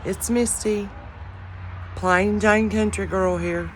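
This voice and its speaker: A woman with a deep Southern drawl chatting casually to her viewers about jewelry she is selling, in a loud, carrying, folksy voice. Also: steady tone, takes it slowly. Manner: drawling, folksy, says y'all often. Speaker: online jewelry reseller. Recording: outdoor wind noise.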